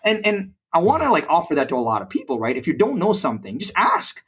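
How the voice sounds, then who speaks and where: A man in his forties from India, a podcast guest telling stories in an animated conversational way, with frequent fillers and restarts. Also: on the high side, fast talker, breathy edge. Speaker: podcast guest, brokerage president. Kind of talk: conversational storytelling.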